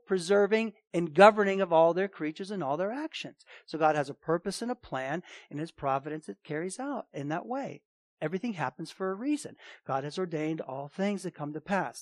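A man preaching a sermon, emphatic, repeating key phrases and swinging between loud and hushed delivery. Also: high-pitched, no echo. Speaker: pastor.

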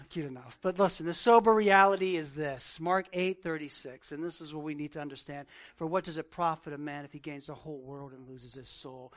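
A man's voice: a little high, a bit bright. A male pastor preaching a conversational sermon, reading scripture aloud and asking the congregation direct questions. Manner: reads scripture aloud, then riffs on it.

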